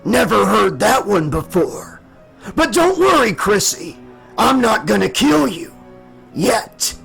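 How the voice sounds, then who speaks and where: Freddy Krueger, growling and mocking. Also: male voice, high-pitched, sing-song, takes it slowly, creaky, a bit bright, faint music behind, voice pushed up, full character voice. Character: burned male dream killer, gleefully sadistic. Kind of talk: audiobook narration.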